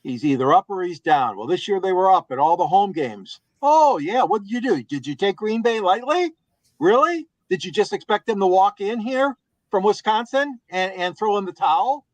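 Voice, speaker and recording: A man's voice: high-pitched, animated, normal speed, dry recording, rough recording. A man on a sports talk panel ranting indignantly about a football team.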